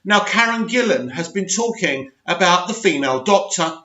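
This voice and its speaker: A man's voice: high-pitched, animated, moderate pace, bright, forceful tone. A man hosting his own channel, reading and mocking an article in a sarcastic, scornful rant. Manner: sarcastic, scornful, laughs often. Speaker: channel host. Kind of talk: ranting reaction commentary. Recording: echoey room, dull lo-fi sound.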